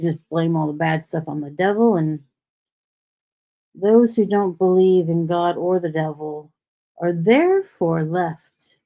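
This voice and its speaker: A woman's voice: fairly low pitch, warm tone. A woman hosting a casual solo livestream from home, rambling freely with sarcastic asides. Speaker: livestream host. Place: home in Texas. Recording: dull lo-fi stream audio.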